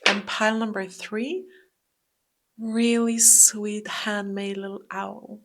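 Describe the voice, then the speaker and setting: A woman giving a calm tarot reading, talking slowly and often dropping into a whisper. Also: medium pitch. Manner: slow, calm, drifting into whispers. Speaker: tarot reader. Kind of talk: soft-spoken tarot reading.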